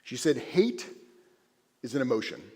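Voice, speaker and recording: Animated rabbi in an echoing sanctuary. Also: male voice, medium pitch, normal speed, breathy edge. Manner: animated storyteller, conversational. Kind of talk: sermon. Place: synagogue sanctuary. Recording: echoey sanctuary.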